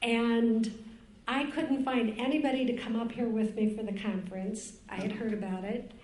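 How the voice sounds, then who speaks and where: A woman's voice: a little high, fairly even intonation, normal speed, a little mellow. An older woman from Cleveland, Ohio, giving a candid, rambling personal testimony as a speaker on a recovery panel. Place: conference room at a retreat. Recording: roomy conference room.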